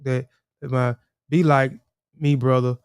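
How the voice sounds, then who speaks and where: A man's voice: medium pitch, little pitch movement, a little slow, smooth, no room sound, studio quality. A man hosting a casual livestream, rambling, repeating words and talking to viewers in the chat. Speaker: livestream host.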